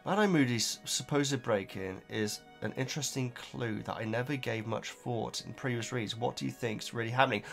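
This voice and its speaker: A man's voice: mid-range voice, a bit bright. A British man reading and answering viewer comments in a casual chat, talking hesitantly with many stumbling restarts.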